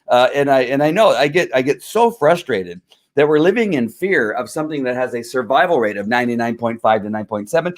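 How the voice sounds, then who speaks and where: Male livestream host, mid-pitched, heated rant, frustrated, rambling, lots of fillers. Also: animated, a little fast.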